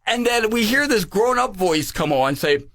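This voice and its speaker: A man's voice: high voice, normal speed. A man from New Jersey co-hosting a casual podcast, telling stories with acted-out voices and sounds. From New Jersey, near Philadelphia. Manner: animated storyteller, acts out voices and sounds. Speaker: podcast co-host.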